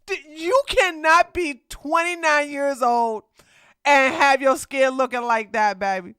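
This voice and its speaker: Slow, sassy woman commentator. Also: sits high, sharp tone, dry recording, clean studio sound. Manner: blunt, sassy, laughs often. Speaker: commentary host. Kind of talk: casual reaction commentary.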